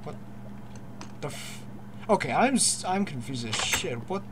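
A young man hosting a casual gameplay commentary, excitable, swearing often, laughing and stammering through restarts. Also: on the high side, a little slow, slight background noise. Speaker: gaming channel host.

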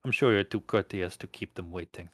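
A man's voice: low-pitched, a little fast, a bit bright, dry recording, voice pushed down. A man voicing an amused, flirtatious woman crime boss with a velvety Russian accent, silky and courteous.

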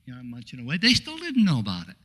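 A middle-aged man telling a humorous personal story during a church talk, easygoing and anecdotal, with frequent pauses to say uh. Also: mid-range voice, huge pitch swings, bright, forceful tone. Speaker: guest speaker at a congregation.

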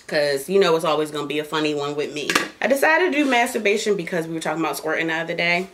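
A woman's voice: deep voice, expressive, very fast, background noise. A woman hosting a casual podcast while smoking, talking bluntly and profanely, joking, with laughs and coughs. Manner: laughs and coughs between lines. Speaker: podcast host.

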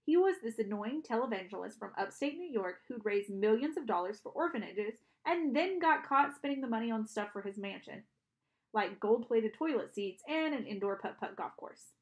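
Gravelly high-voiced woman reading a story. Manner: reads with small restarts and self-corrections. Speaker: audiobook reader. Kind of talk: storybook narration with character voices.

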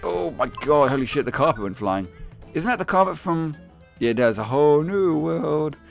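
A young man giving excitable, swearing commentary on a game, laughing often and yelping in high squeaks. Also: a little fast, vocal fry, faint music behind. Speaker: gaming video host.

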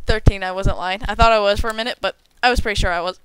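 A young woman hosting a casual unboxing video, bubbly and excitable, tripping over her words as she gushes. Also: medium pitch, very fast, noisy background. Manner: bubbly and excitable, gushing with stumbling repeats. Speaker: unboxing channel host.

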